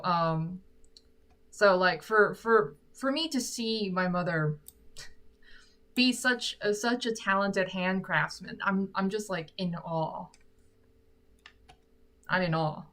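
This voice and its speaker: A singer with an American accent hosts a casual livestream Q&A from her room at home, talking into a microphone covered with a sock. She's chatty and self-deprecating, and her mid-range voice is a bit bright.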